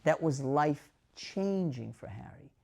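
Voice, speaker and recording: A man's voice: a little high, lively intonation, a little slow, vocal fry, mellow. A man, a physician, telling an emotional story straight to camera in an earnest way, often asking the viewers questions. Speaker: dementia care physician.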